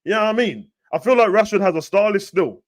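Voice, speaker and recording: A man's voice: high-pitched, quick pace. Slangy young man ranting on football. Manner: slangy, rambling, animated. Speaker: football talk host. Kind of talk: casual football rant.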